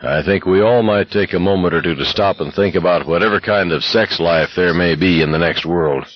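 A male reader voicing a tall young man who speaks slowly in a deep, somber way. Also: highs cut off, lightly acted.

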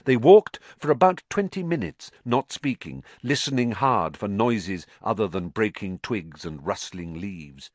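A man reading a story aloud as an audiobook narrator in an expressive, dramatic way. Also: fairly low pitch, a little slow, few pauses, no echo.

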